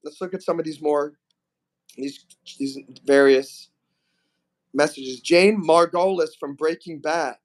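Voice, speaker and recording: A man's voice: fairly high pitch, fairly even intonation, takes it slowly. A man in his forties hosting a live stream chat, rambling, enthusiastic and teasing. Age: 40s. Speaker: host.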